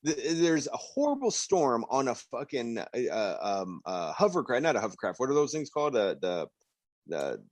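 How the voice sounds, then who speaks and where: A man's voice: mid-range voice, wildly swooping pitch, moderate pace, no echo. A man co-hosting a podcast in casual movie banter, laid-back and often searching for words. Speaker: podcast co-host.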